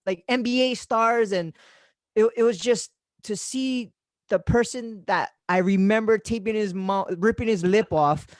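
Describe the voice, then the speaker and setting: A man, hosting a podcast and telling stories in casual chat, animated and swearing freely. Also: sits high, unhurried, dry recording. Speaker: podcast host.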